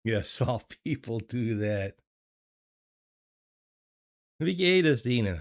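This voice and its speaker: An older man from the United States reads his livestream chat slowly and expressively, pausing often in a mid-range voice. Casual and hesitant, he repeats words and chuckles a lot; his desk mic in a home streaming studio gives echo-free, studio-quality sound.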